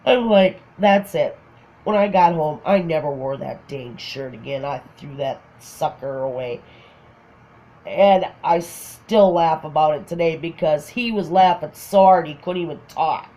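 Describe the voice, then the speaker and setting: A woman's voice: low voice, unhurried, mellow, poor audio. A woman with a Minnesotan accent casually telling a funny personal story, often laughing. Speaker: craft vlogger.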